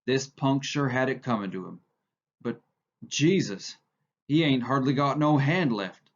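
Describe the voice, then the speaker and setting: A man doing a steady, firm ranch boss. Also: medium pitch, a little slow, lo-fi sound. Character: calm respected male ranch leader.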